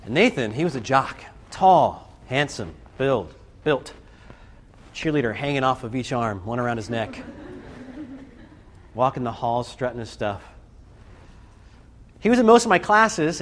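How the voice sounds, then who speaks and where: A man giving a storytelling talk to a student audience, animated and acting out scenes and voices. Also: medium pitch. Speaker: speaker addressing students. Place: live talk to a group.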